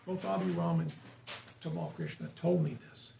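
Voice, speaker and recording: A man's voice: fairly high pitch, fairly even intonation, moderate pace, vocal fry, mellow. A man giving an informal spiritual talk to a small live audience, chatting and asking them questions. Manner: conversational, asks the audience questions. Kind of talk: informal sermon to a small group. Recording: roomy, distant mic, faint hiss.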